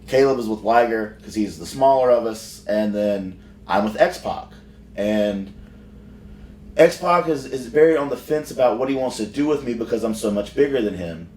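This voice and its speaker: A male wrestler tells a rambling, profane backstage story in casual podcast talk. His voice sits at an ordinary pitch. The room is echoey and the mic sits a fair way off. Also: animated, normal speed, a little mellow, slight background noise. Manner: rambling, profane, frequent restarts. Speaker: professional wrestler. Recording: roomy sound from far off.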